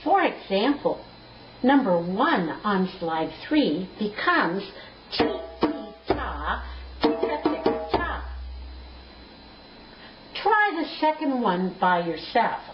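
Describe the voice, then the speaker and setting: A woman music teacher, giving a slow, patient, clearly spoken lesson. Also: medium pitch, sing-song. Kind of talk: recorded classroom lesson. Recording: echoey, dull lo-fi room recording.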